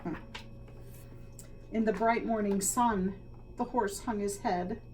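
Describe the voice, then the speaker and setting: A woman, a school leader, reading a children's picture book aloud with expressive, dramatic storytelling. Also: mid-range voice, slow pace, pauses often. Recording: slightly distant mic, faint noise.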